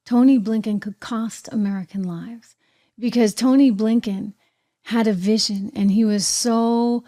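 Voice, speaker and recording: A woman with a New Hampshire accent hosting an opinionated political commentary show, talking in an animated, sarcastic way. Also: on the high side, unhurried. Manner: animated, sarcastic, mimics people, laughs often.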